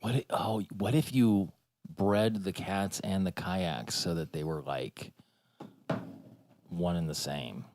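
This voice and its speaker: A man's voice: deep voice, takes it slowly, a little mellow, no room sound, clean studio sound. A man hosting a podcast, joking and rambling in casual chat. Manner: jokey, rambling, stammers on restarts. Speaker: podcast host.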